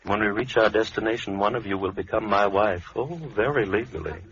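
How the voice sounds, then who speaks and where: An actor playing a lonely, menacing recluse in a 1940s radio drama, speaking slowly with cold, quiet politeness. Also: male voice, on the low side. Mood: gently sinister. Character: soft-spoken menacing lonely male recluse. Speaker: villain. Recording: dull, faintly hissy old radio broadcast.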